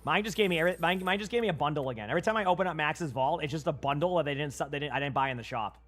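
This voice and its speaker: A man's voice: a little high, rapid-fire, fairly bright tone, soft background music. A young man with a Boston accent giving casual, rambling live-stream commentary while playing and chatting with viewers on a headset mic.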